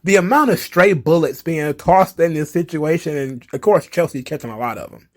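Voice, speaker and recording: A man's voice: on the high side, normal speed. A man hosting a casual commentary video, reading tweets aloud and mocking them with laughter and profanity. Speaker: commentary channel host.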